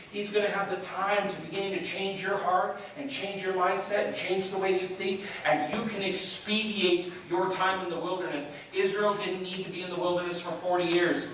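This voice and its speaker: A man preaching a sermon in an animated way, acting out mocking voices, recorded from far off in a church hall. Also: high voice, a little hiss or hum. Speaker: pastor. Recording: echoey hall from far off with faint ambience.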